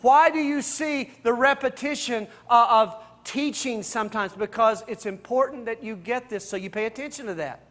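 A pastor whose voice is remarkably high for a man teaches a Bible study at a moderate pace with few pauses and a fairly bright tone. Friendly and teacher-like, he addresses the group directly and casually, stacking up questions and restating his key points.

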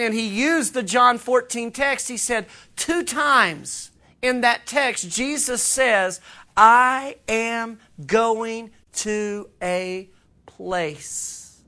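A man's voice: extremely high pitch, pushed and bright. A man preaching a sermon as pastor, earnest and emphatic, with conversational asides to the congregation. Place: church.

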